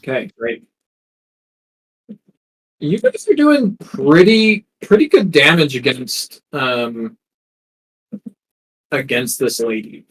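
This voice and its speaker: A man's voice: medium pitch, very animated, slow pace, pauses often, a bit bright, rough recording. A man narrating a tabletop game as game master, hesitant and full of ums and restarts.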